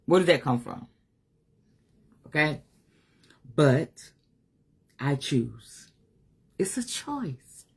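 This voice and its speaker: A woman, talking heartfelt and unscripted on a livestream, weary at times, laughing at others, swearing freely. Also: low-pitched. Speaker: spiritual life coach on a live stream. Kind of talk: emotional casual livestream monologue.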